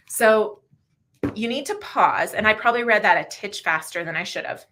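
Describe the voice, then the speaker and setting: A woman hosting a casual livestream, chatty and quick to laugh, who answers viewer questions and reads passages aloud to show how to narrate. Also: mid-range voice, expressive, a bit bright, slight background noise. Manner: chatty, laughs often, demonstrates slow audiobook reading. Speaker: livestream host.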